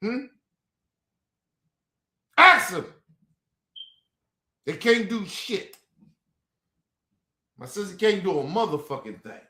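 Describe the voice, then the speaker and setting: A man's voice: high voice, sing-song, takes it slowly, pauses often, sharp tone, reverberant. A man streaming a heated, profane rant, repeating himself over and over to his viewers. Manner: profane and repetitive, talking to the viewers.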